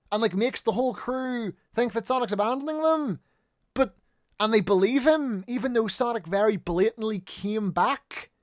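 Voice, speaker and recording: A man's voice: very high voice, no room sound, studio quality. A man giving a casual, rambling review commentary, full of fillers and casual swearing. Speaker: video reviewer.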